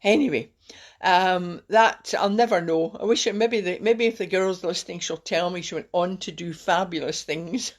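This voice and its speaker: A woman's voice: lowish voice, moderate pace. A middle-aged woman, hosting a rambling, encouraging self-help talk on a live stream. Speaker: host.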